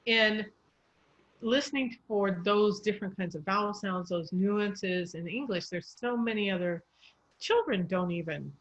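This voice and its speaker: A woman's voice: medium pitch, highs cut off. A woman speech coach explaining English pronunciation in an encouraging, patient way. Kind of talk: coaching session.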